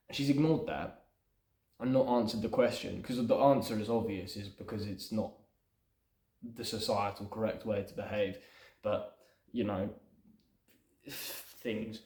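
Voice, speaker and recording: A man with a fairly low voice casually talks through his own screenplay scene by scene. His delivery is loose and rambling, padded with "sort of" and "you know". The sound is roomy, with a clear echo around him. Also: fairly even intonation, measured pace, long pauses, a little mellow. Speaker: screenwriter and channel host. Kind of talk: casual script breakdown to camera.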